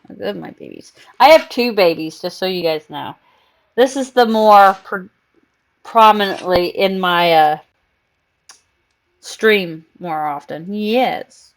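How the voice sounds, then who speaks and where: A woman's voice: medium pitch, slow pace. A woman streaming a game live, chatting casually and cooing baby talk to her cat between comments on the game.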